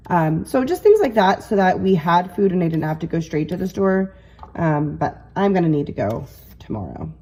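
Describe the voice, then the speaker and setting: A woman's voice: lowish voice, sing-song, normal speed, mellow. Chatty congested woman, slightly nasal. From New York. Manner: chatty, rambling, many fillers. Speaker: cooking vlogger. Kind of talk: casual chat. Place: home kitchen.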